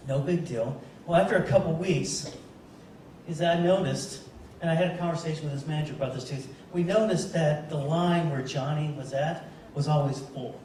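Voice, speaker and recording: A man's voice: fairly high pitch, fairly quick, a little mellow, a little hiss or hum. A man giving a keynote speech as a motivational speaker, telling a story and speaking straight to the audience. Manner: storytelling, addresses audience directly. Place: large event hall. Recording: very echoey hall from far off.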